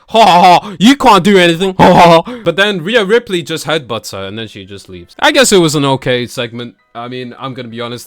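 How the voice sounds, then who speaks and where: Excitable young man with a lively voice. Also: medium pitch. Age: young adult. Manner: excitable, slangy, laughs often, mimics wrestlers. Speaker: wrestling YouTuber. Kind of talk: casual recap vlog. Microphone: camera that tracks him.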